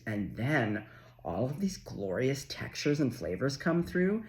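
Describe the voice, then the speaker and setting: A man from Canada doing a casual, chatty tarot reading, excitable and quick to swear. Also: medium pitch. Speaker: tarot reader.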